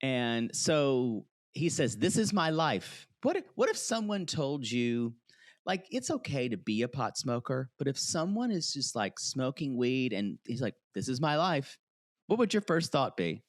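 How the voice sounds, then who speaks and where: In a clean, dry studio recording, a male podcast co-host goes over a reality show without hurrying. His pitch is medium, and in casual, animated chat he performs the quotes in voices.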